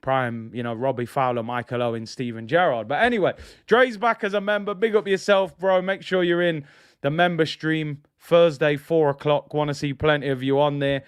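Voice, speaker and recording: Male streamer, chatty and slangy, slightly high, clean dry sound. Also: moderate pace, clean tone, no room sound. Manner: chatty, slangy, laughs at own jokes. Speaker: football channel host. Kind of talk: casual fan commentary livestream.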